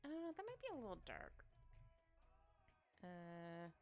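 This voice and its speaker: Drawing live with faint background music, a woman chats casually, thinking aloud and humming. She has a lowish, slightly mellow voice with wildly swooping pitch and an unhurried pace.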